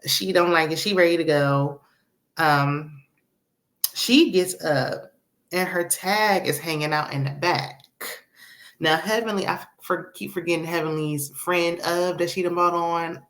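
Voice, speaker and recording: A woman's voice: on the low side, unhurried, a bit bright. A woman hosting a casual reality TV recap, sassy and chatty, tossing in "child" and "honey" and laughing between remarks.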